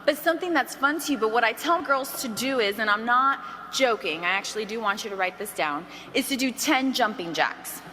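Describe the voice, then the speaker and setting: A woman giving an energetic sales training talk to a room, coaxing the audience with questions. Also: a little high, a little fast, few pauses. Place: large hall with an audience. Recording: archived talk in a roomy hall with faint noise.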